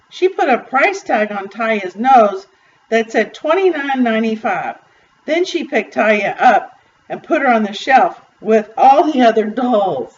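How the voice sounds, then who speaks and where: A woman with a fairly high voice reads a picture book aloud very slowly and with care. She sounds distant and muffled, with a faint hiss in the background. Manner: expressive, deliberate. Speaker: storybook reader. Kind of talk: read-aloud storytelling.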